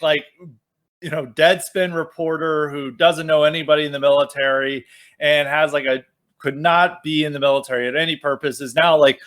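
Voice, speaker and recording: Male podcast guest, slightly high pitch, animated sarcastic delivery, filler-heavy. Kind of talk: casual political chat.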